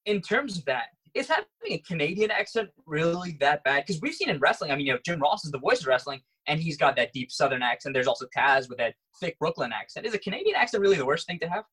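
A man from Bahrain with an American accent, chatting casually, eager and quick to laugh. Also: on the high side, very animated, fairly bright tone, slightly rough, poor audio. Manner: eager, asks questions, laughs easily. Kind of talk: casual podcast chat.

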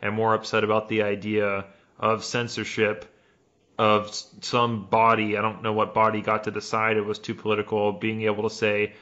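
A man co-hosting a casual podcast chat, ranting in an animated, profane way. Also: fairly low pitch, moderate pace. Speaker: podcast co-host. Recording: dull lo-fi recording.

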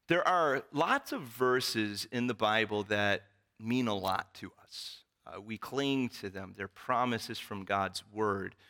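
A man's voice: fairly low pitch, bright, forceful tone. A male pastor preaching a sermon in church, telling stories with wry humor.

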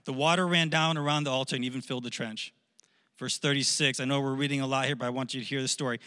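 Man preaching, joking storyteller, very bright tone, echoing hall. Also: mid-range voice, fairly even intonation, quick pace, clean tone. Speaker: pastor. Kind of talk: sermon.

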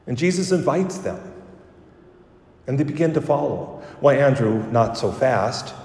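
At an unhurried pace and medium pitch, a priest offers a conversational homily, correcting himself now and then and getting animated when quoting others. The mic sits at a distance in an echoey church.

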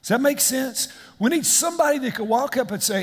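A middle-aged man, preaching a sermon as a pastor, animated and calling out questions to the congregation. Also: very high voice, brisk, hardly any pauses, slightly rough, big-room sound.

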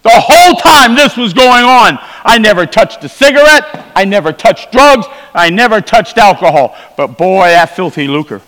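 Bright, high-voiced man preaching in a hall. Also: animated, moderate pace, few pauses. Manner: storytelling, shifts between quiet low asides and emphatic rises. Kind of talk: revival sermon testimony. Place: church sanctuary. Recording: long hall reverb.

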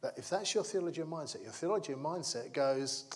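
A man's voice: mid-range voice, lively intonation, fairly quick. A man preaching a sermon in a chatty, humorous way, checking in with the congregation and acting out the figures in his stories. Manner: conversational, keeps asking the congregation "yeah?"; acts out the crowd and characters in the stories.

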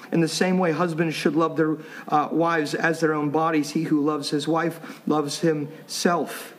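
A man's voice: on the high side, little pitch movement, a little slow. Conversational middle-aged male pastor preaching. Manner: conversational, self-interrupting, jokey asides. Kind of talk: sermon.

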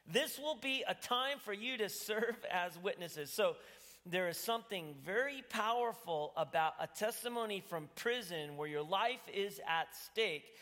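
A man's voice: sits high, lively intonation, unhurried, pushed and bright. Earnest preaching man in reverberant hall. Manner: earnest, pleading, rises to emphatic bursts. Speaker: pastor. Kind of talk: sermon.

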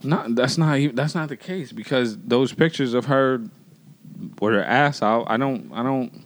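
A man's voice: mid-range voice, normal speed. A man hosting a casual chat, laid-back and laughing often, with lots of fillers. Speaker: podcast host.

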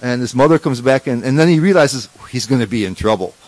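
A man's voice: medium pitch, expressive, fast talker, darkish tone, dry recording, low-quality recording. A man giving a conversational scripture class as a spiritual teacher, often restarting sentences and checking in with rhetorical questions.

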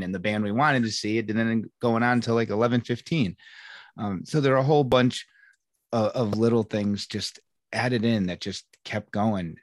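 A man with a fairly low voice hosts a relaxed podcast chat, recorded close and dry with no room sound. He rambles in a friendly, loose way, restarting sentences and leaning on "I mean" as he works toward his point. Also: dry recording. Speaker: podcast host and coach. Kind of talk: casual conversation.

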